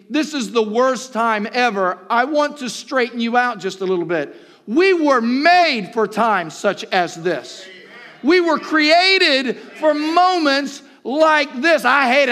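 A man preaching a sermon as pastor, swinging between loud shouts and low, quiet stretches, repeating words and calling out to the congregation. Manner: impassioned preaching, rising to shouts and dropping low.

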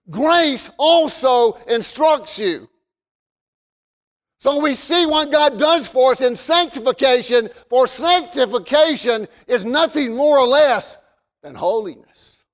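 A man preaching a sermon from the pulpit in an emphatic way, repeating phrases and rising to shouts. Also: extremely high pitch, animated, slow pace. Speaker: pastor. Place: church sanctuary. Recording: long reverb of a large hall.

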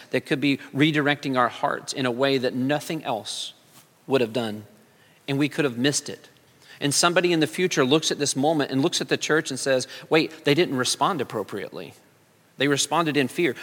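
A man preaching a sermon as a pastor, speaking earnestly and sometimes rising into loud pleading cries. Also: mid-range voice, long reverb tail.

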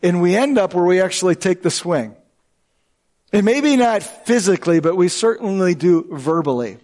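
A male pastor preaching a sermon in an earnest, emphatic way, slowing down and speeding up to stress his points. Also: high-pitched, expressive, darkish tone. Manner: earnest and emphatic, with shifting pace.

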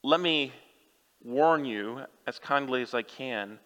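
A man's voice: mid-range voice, slow pace, fairly bright tone, muffled recording. A male pastor preaching a sermon, speaking earnestly and directly to his listeners. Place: church sanctuary. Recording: long church hall reverb.

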